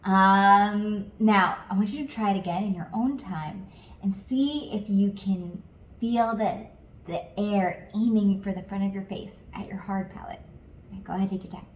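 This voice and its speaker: A woman singing teacher coaching beginners step by step in a calm, encouraging way. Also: mid-range voice, normal speed, roomy sound, lo-fi sound. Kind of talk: guided vocal lesson.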